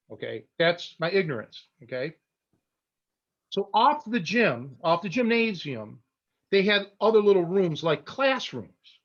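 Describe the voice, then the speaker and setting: A man, a catch wrestling coach and podcast host, telling a story in a casual, animated way with many restarts and blunt asides. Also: high voice, unhurried, dull audio.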